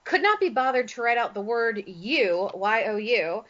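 A woman's voice: fairly high pitch, normal speed. Laughing, chatty woman telling a story. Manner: animated storytelling with frequent laughs. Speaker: podcast co-host. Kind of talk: casual chat. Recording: dull lo-fi audio.

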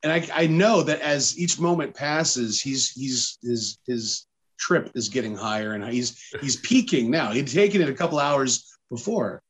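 A man's voice: medium pitch, unhurried, slightly rough. A man hosting a casual podcast, telling a long and rambling story and putting on the voices of the people in it. His voice sits in a medium range. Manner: rambling storyteller, acts out quotes. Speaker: podcast host. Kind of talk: casual chat.

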